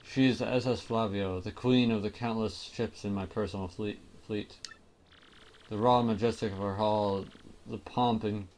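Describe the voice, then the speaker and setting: A man's voice: lowish voice, fairly even intonation, a little slow, a little mellow, slight background noise. A man reading as a pompous vain ship-owner. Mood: boastful. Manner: grandiose, theatrical declaiming.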